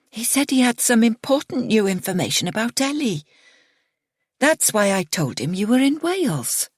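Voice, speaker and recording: A woman's voice: medium pitch, husky, dry recording, studio quality, voice pushed up, heavily acted. A woman voicing a fretful older mother whose tone is light but defensive, in an audiobook reading.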